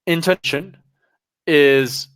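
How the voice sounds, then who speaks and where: A man teaching test preparation on a live stream, talking straight to viewers in an energetic, direct way. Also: a little high, slow pace, clean tone.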